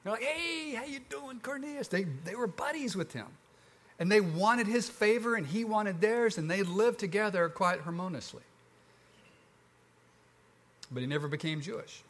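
A man with a Southern accent preaching a sermon, telling the story in a relaxed, conversational way with lively ups and downs. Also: high voice, fairly quick. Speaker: pastor.

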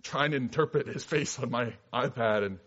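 Brief: male missionary preaching a testimony, mid-pitched, earnest, dull lo-fi recording. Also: normal speed, slightly rough. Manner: earnest storytelling, shifting from animated to hushed. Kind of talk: sermon testimony.

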